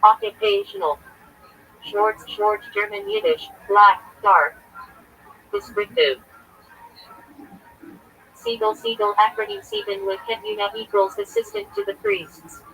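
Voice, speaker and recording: A man speaks as a rabbi on a livestream, reading down a list in short, terse fragments. His voice has a gravelly edge and a bright, sharp tone. His pitch leaps up and down a lot from word to word. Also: wildly swooping pitch, measured pace, long pauses, low-quality recording. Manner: clipped fragments, terse and listing.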